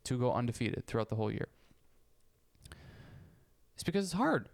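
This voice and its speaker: A man's voice: medium pitch, very animated, normal speed, gravelly. A man co-hosting a podcast, talking things through earnestly in casual conversation and leaning on sports comparisons. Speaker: podcast co-host.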